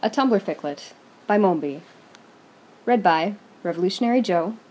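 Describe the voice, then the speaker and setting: A woman reading fan fiction aloud in a steady, even storytelling manner. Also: medium pitch, normal speed.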